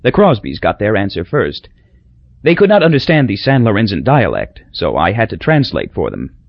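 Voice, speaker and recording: A man reading an audiobook in a wry, measured storytelling voice. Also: on the low side, wildly swooping pitch, vocal fry, breathy edge, no room sound, lo-fi sound. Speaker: audiobook narrator. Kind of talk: scripted narration.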